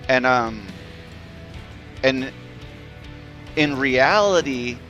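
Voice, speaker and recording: A male game streamer chats loosely and profanely, piling up fillers and restarts as he tells his story. His voice sits at an ordinary middle pitch, and faint music plays underneath. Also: expressive, drawn-out words, a bit bright, lo-fi sound. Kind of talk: casual storytelling while live-streaming a game.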